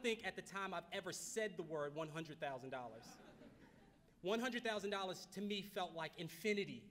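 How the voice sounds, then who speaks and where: Man, 30s, from Baltimore, keynote speaker, earnest storytelling, repeats himself, high voice, long hall echo. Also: animated, normal speed, a bit bright. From Baltimore, United States. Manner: earnest, repeats phrases for emphasis, frequent restarts. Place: large banquet hall.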